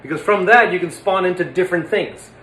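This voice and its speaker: A man's voice: sits high, a little fast, pushed and bright. Playful young man teaching puppetry. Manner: playful, demonstrative, slips into silly voices. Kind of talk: casual instructional talk. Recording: echoey room with faint noise.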